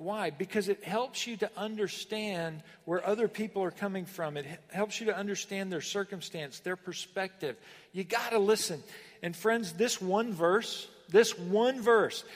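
A male pastor preaching with a high, bright-edged voice. He drives points home with sudden emphatic rises and deliberate pauses. The sound carries a long reverb, like a church sanctuary. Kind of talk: sermon.

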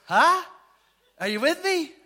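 Animated high-voiced preaching man. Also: takes it slowly. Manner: animated, joking, asks the congregation questions. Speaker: pastor. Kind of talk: sermon. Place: church.

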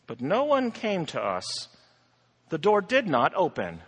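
A man narrating a rhyming story in an expressive, theatrical way. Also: sits high, a little slow, a little hiss or hum. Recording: long hall reverb.

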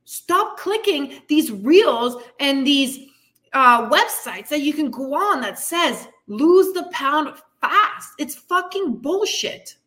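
A woman's voice: high-pitched, sing-song, slow, fairly bright tone. A woman fitness coach hosting her podcast, giving a blunt, frustrated, swearing tough-love pep talk. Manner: frustrated, venting. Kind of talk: candid motivational monologue.

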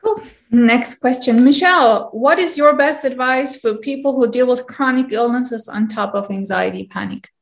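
A woman's voice: a little high, normal speed, vocal fry. Emphatic woman coach, echoey room. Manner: emphatic, acts out clients' worried voices. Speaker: anxiety coach. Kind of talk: podcast conversation.

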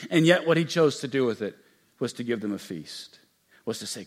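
A man preaching a sermon as a pastor. He swings from hushed, intimate passages to loud, emphatic ones and acts out quoted lines slowly and with stress. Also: medium pitch, expressive. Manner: acts out quoted speech with slow, drawn-out emphasis.

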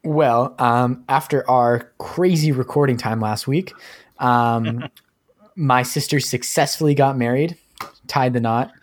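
A man's voice: medium pitch, takes it slowly. A man co-hosting a casual podcast, telling a story in an easygoing way with frequent ums. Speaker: podcast co-host.

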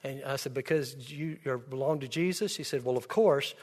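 A man's voice: mid-range voice, normal speed, darkish tone. A man preaching a sermon as pastor, earnest and storytelling, speaking in a church sanctuary. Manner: earnest, storytelling with quoted dialogue. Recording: long hall reverb.

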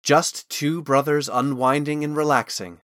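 A man's voice: fairly high pitch, little pitch movement, measured pace, fairly bright tone, no echo. Man narrating a novel in a dry, close voice. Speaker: audiobook narrator. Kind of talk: scripted narration.

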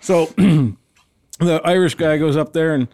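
A man in a casual podcast chat, telling a long joke in a halting way with many restarts. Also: on the high side, a little mellow, no echo, clean studio sound.

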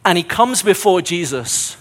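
A man's voice: high voice, big pitch swings, unhurried. A man preaching a sermon in an earnest way, building his points through repeated phrases, his voice a little strained. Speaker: pastor.

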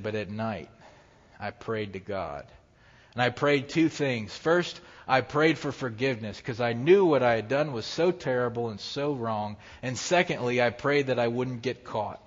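A man preaching a sermon, telling a story and acting out the voices of the people in it. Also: mid-range voice. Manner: animated storyteller who acts out quoted voices. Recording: dull sound with long hall reverb.

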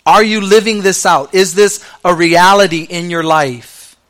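Bright-voiced male pastor preaching. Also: sits high, unhurried. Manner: conversational preaching with slang asides; drops to soft, quiet delivery on key lines. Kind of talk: sermon.

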